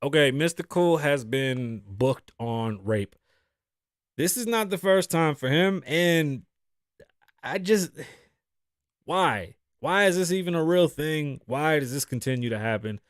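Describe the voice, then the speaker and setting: A man hosting his own show, telling stories in a casual, profane, animated way. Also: fairly high pitch, takes it slowly, no room sound, clean studio sound. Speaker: podcast host. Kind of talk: casual monologue.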